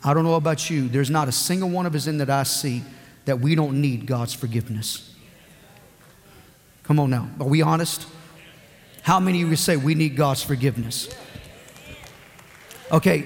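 Speaking at normal speed with long pauses, a male pastor whose voice runs on the high side delivers a sermon. He tells a personal story, voicing the quotes, before building into emphatic preaching, and the sanctuary adds a long hall reverb.

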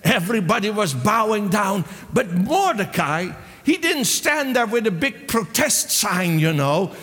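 A man preaching a sermon with passion, breaking into shouts and acting out the people in his story. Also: high-pitched, sing-song, measured pace. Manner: impassioned, exclaims and voices the characters. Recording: long hall reverb.

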